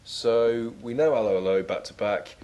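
A man's voice: medium pitch, moderate pace, mellow. A man co-hosting a comedy podcast, reading out quiz questions in a dry, teasing way. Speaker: podcast co-host, quizmaster. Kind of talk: casual comedic podcast chat.

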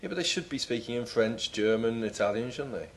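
A man's voice: medium pitch, animated, brisk. A man in his forties co-hosting a comedy chat with dry, mock-serious wit. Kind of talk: comedic banter.

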